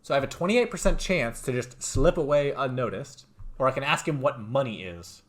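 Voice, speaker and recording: A man's voice: medium pitch, animated, fairly quick. A man casually commenting while playing a video game, joking at his own expense. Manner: casual, self-mocking. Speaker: let's play host. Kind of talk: gameplay commentary.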